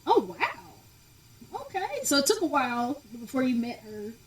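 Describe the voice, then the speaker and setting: A woman guest in a casual chat, animated and emphatic, often laughing as she talks. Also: sits high, measured pace. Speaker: podcast guest. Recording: echoey room, distant mic.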